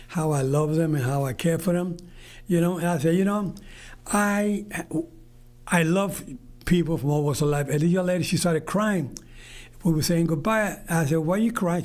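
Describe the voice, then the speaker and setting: An older man hosts a radio talk show on his own, speaking from the studio. His voice sits somewhat high for a man, and he talks in an earnest, rambling way, giving the listeners a gentle pep talk. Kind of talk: solo talk show monologue.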